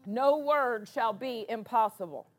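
A woman's voice: on the high side, unhurried. A woman pastor preaching a sermon, driving points home by repeating words for emphasis.

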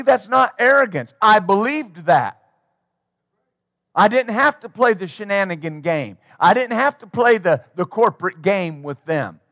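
A man's voice: sits high, bright, forceful tone, dry recording, clean studio sound. A man preaching a sermon as pastor, emphatic and rhythmic, drawing call-and-response from his congregation.

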